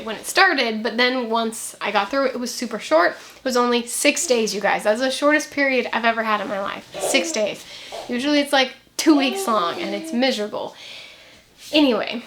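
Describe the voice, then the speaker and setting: A young woman vlogging to camera in a chatty, rambling way, talking quickly and laughing now and then. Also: on the high side, a bit bright, slight background noise. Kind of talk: casual chat to camera.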